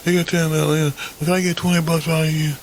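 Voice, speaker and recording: Guy doing a pushy chick begging for cash, whiny and high. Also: flat delivery, fast, a little hiss or hum, natural voice. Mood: wheedling. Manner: wheedling, pestering.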